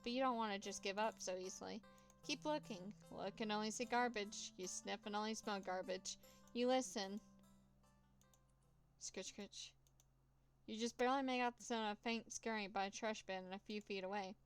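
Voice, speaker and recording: A woman reading a horror text game aloud, voicing the cat's meows and the mouse's squeaks herself, with nervous asides between choices. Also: clear, resonant tone, faint music behind. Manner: reads with dramatic pauses and nervous asides. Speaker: gameplay narrator.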